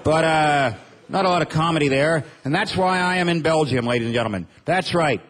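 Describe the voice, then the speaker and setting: A man from Montana performing a stand-up comedy set on stage, with a deadpan, drawling delivery. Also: on the high side, brisk. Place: comedy stage before an audience.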